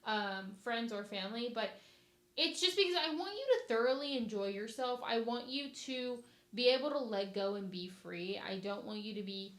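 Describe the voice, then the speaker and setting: A young bride-to-be hosts a casual podcast, ranting bluntly and energetically about her wedding plans. Her voice is a little high at a moderate pace, recorded in an echoey room.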